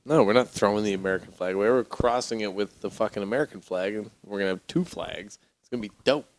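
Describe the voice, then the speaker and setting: A man's voice: lowish voice, fast. A young man, hosting a podcast from his living room, brash and profane, joking loosely. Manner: brash, profane, joking, says bro a lot. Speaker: podcast host. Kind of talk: drunk casual chat.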